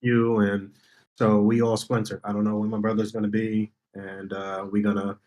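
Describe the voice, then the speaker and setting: A man co-hosting a podcast, calmly laying out his plans in relaxed casual chat. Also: lowish voice, moderate pace, low-quality recording. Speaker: podcast co-host.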